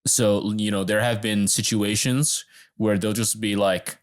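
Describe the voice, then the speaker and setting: A man's voice: on the low side, steady tone, measured pace. A young man in casual podcast chat, rambling and filler-heavy, with frequent "dude"s.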